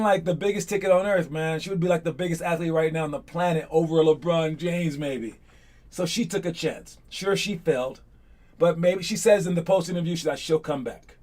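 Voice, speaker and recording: Hoops coach guy, kinda high voice, hyped and chatty, pep talk to his players. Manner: energetic, chatty, keeps asking "all right?". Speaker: basketball coach. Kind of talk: casual motivational talk to students.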